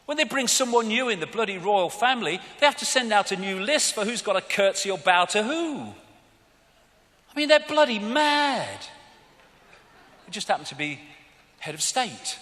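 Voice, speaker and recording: A British man giving a live arena talk, animated and mocking, often swearing. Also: high-pitched, moderate pace, long pauses. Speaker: public speaker. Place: large arena. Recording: arena reverb with faint crowd.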